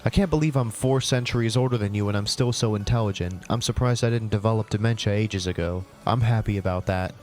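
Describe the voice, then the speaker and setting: Over faint music, a lowish male voice moves fairly quickly with few pauses through a comedic reading of his old story. He plays every character and punctuates the flat reading with sarcastic, cringing asides.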